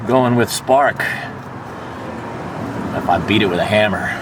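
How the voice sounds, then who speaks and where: A man with a fairly low voice talks casually and with profanity about a broken-down truck. He records himself outdoors by a busy road on a handheld phone. Traffic noise sounds clearly behind him. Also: measured pace. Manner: casual, profane, explaining car repair. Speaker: vlogger. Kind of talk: casual roadside vlog.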